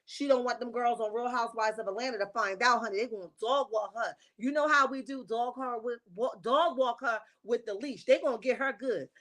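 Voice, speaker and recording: A woman's voice: on the high side, fairly quick, hardly any pauses, a bit bright. Sassy woman gossiping on a livestream. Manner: sassy, emphatic, chatty, reads viewer comments aloud. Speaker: livestream host. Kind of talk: casual reality-TV gossip livestream.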